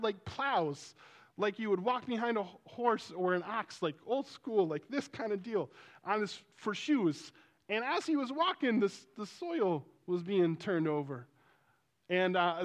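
A man with a high-pitched voice preaches from a church stage. He tells a personal story in an animated way and rises toward near shouting as the emotion climbs. His delivery is full of asides and restarts. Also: normal speed. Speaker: pastor. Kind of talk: sermon storytelling.

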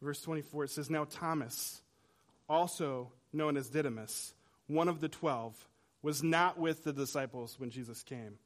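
A man preaching a sermon in a conversational way, swinging between loud emphasis and quiet, hushed lines. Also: on the high side, unhurried. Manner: dramatic shifts between loud and soft. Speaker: pastor.

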